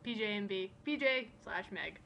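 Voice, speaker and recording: A young adult woman, vlogging in a rambling, excitable way, sometimes dropping to soft, near-whispered asides. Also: medium pitch, moderate pace, vocal fry, a little hiss or hum, rough recording. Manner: excitable, rambling, gushing storyteller who acts out quotes. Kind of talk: casual chat.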